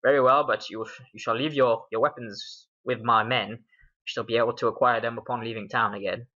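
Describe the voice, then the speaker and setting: A grudging guard captain, voiced by a man in a tabletop game recap, grumbling his orders in stiff formal words. The tone stays bright, and the recording sounds dull and lo-fi. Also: mid-range voice, fairly even intonation, brisk.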